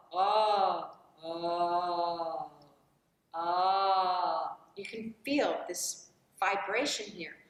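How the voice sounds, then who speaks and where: A woman voice teacher giving a vocal lesson, stopping to sing demonstration vowels through her registers. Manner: lively, swooping pitch when explaining. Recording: roomy echo, voice from far off.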